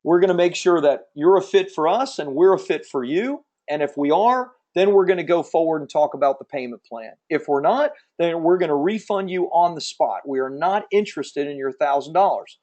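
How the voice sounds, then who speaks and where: A man hosting a live webinar, giving an emphatic, persuasive sales pitch and answering audience questions from the chat. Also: lively intonation, normal speed, few pauses, a little mellow. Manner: emphatic, persuasive salesman, repeats key points. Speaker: webinar host selling publishing services.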